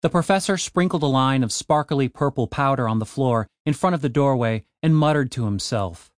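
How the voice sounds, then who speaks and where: A man narrating a comic fantasy audiobook in an expressive, wry way. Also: mid-range voice, normal speed, no echo, clean studio sound.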